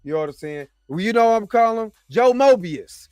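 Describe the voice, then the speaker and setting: Male host, high voice, lively and jokey, dry close sound, soft music underneath. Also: fairly quick, clean tone, no echo. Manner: animated, joking, talks to the audience. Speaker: host and movie reviewer. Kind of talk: casual reaction review.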